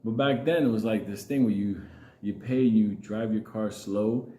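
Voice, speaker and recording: A man's voice: on the low side, moderate pace, mellow, reverberant. A man from New York City with a New York accent, telling a comic story in a casual, profane way and laughing often.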